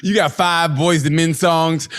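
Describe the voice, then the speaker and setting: A man's voice: a little high, fairly even intonation, unhurried, fairly bright tone. A man co-hosting a comedy podcast, joking loosely and often laughing while acting out scenes. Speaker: podcast co-host. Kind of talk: casual comedic banter.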